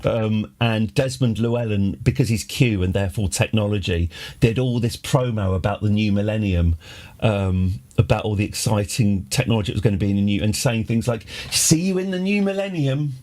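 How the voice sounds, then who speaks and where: A man's voice: on the low side, fairly even intonation, fairly quick, a little mellow. A man chatting casually on a live stream, rambling and wry, with many restarts. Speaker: game streamer.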